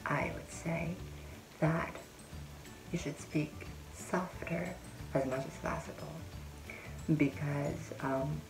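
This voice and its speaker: A woman with a low, unhurried voice talks through advice in a relaxed vlog. She is chatty and often corrects herself mid-sentence. Faint music plays behind her. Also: low-quality recording. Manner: chatty, self-correcting, fillers like "like" and "um"; drops to a soft, quiet voice to demonstrate. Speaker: vlogger giving advice.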